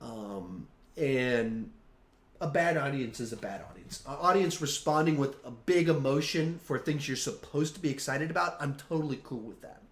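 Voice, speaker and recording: A man in his thirties hosting a casual live-stream chat, animated, with trailing restarts and fillers. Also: medium pitch, normal speed, echoey room. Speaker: host.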